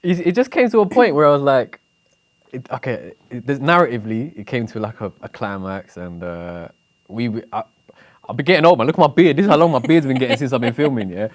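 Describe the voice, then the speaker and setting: A man's voice: mid-range voice, animated, fast. A man, a guest filmmaker chatting casually in a jokey, laid-back, slangy way. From Tower Hamlets, London. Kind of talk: casual interview chat.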